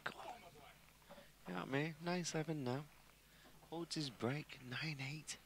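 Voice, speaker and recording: A man commentating live on a pool match, chatty and excitable as he reels off a run of scores. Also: fairly high pitch, a little slow, gravelly, noisy background.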